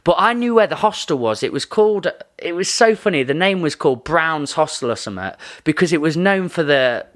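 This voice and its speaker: Animated higher-voiced man telling a story. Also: fairly quick, few pauses. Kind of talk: casual podcast chat.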